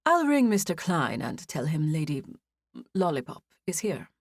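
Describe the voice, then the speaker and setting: A polite young hotel clerk with a British accent, voiced by a woman reading an audiobook. He speaks in a measured, formal, professional way. The voice sits fairly low and sounds dry and close. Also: sing-song, husky, no echo, exaggerated voice.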